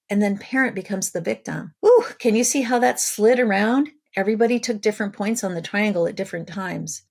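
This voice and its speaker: A woman hosting a podcast as a family therapist, calmly explaining ideas and walking through examples step by step. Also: lowish voice, gravelly, breathy edge. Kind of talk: podcast teaching talk.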